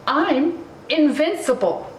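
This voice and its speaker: A woman voicing a chubby, proud young boy god with an elephant head, in a high, childlike, expressive voice. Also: slow pace, a little hiss or hum, exaggerated voice. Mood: boastful. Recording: roomy, distant mic, faint ambience.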